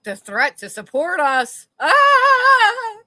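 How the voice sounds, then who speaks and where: Sarcastic lady streamer reading chat, bright voice, kinda high. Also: lively intonation, normal speed, no echo. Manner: blunt, sarcastic, swears casually. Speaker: commentary channel host. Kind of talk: livestream commentary reading chat.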